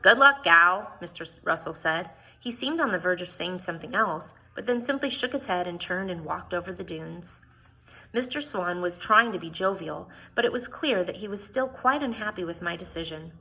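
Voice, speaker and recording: A woman reading a novel aloud informally, expressive and lifting her voice for quoted lines, with small slips and restarts. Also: on the low side, normal speed, husky, rough recording.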